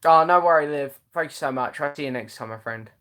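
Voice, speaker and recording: A man's voice: fairly high pitch, fast talker, fairly bright tone. Rambling young man on a live stream. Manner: chatty and meandering, many ums. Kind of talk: casual live chat reading comments.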